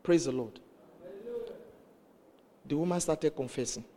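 Male preacher, high lively voice, storytelling sermon in a reverberant hall. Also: measured pace. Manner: animated storytelling, acts out voices in quotes.

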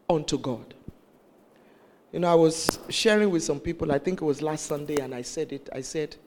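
Animated high-voiced male preacher. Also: long reverb tail. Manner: animated storytelling, acts out voices in quotes. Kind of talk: sermon.

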